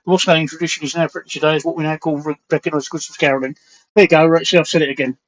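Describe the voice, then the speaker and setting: A man hosting a live stream in casual chat, rambling and hesitant, reading aloud with many pauses. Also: fairly high pitch, level tone, a little hiss or hum, low-quality recording. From London.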